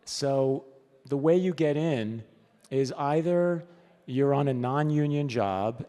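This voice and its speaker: In an event hall with long reverb, a man speaking as a storyboard artist gives a conference talk, sharing anecdotes casually and chattily with frequent "right?" asides. His voice is medium-pitched and warm.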